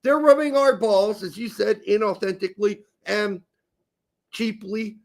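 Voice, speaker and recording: With an unhurried pace, fairly even intonation and vocal fry in his high voice, a man co-hosting a soccer podcast delivers a heated, casual rant. He's crude and sarcastic throughout, with mock-emotional asides.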